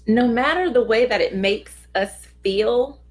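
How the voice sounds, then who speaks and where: A middle-aged woman hosts a casual self-help talk, speaking a little high and at a measured pace. She comes across earnest and conversational, acting out short quoted remarks in little voices.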